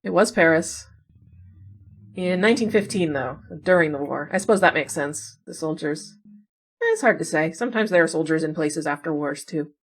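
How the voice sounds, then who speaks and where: A puzzle game streamer with a low-pitched, slightly rough voice thinks aloud as she plays, casual and chatty. She is expressive and moderately paced, wondering her way through puzzles and making self-deprecating asides.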